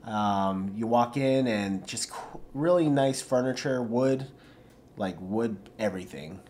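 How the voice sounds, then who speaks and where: A young man co-hosting a podcast in casual chat, describing things in short, relaxed bits with frequent "um"s. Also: medium pitch, slow pace. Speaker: podcast co-host.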